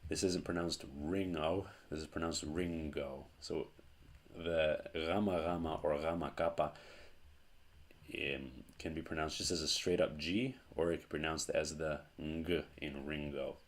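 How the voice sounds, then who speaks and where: A man teaching a language lesson at a board, explaining slowly with pauses and restarts. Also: extremely low pitch, level tone. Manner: slow, halting explanations with fillers and restarts. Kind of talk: whiteboard lesson.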